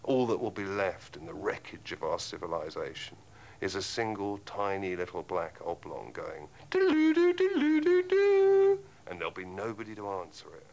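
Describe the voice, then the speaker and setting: Man, interviewee, deep gravelly voice, sardonic eloquent ranter. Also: normal speed, a little hiss or hum, rough recording. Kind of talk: ranting commentary.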